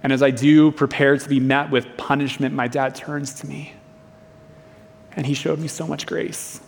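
A man's voice: medium pitch, little pitch movement, moderate pace, creaky, a little hiss or hum. A young man preaching a sermon in a church, telling a personal story in an earnest, conversational way. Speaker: pastor. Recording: long reverb of a hall.

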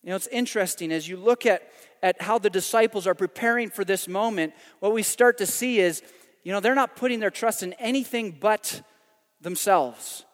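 A man preaching a sermon, animated and emphatic, swinging between loud climaxes and quiet, hushed drops. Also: high-pitched, normal speed, big-room sound. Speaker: pastor.

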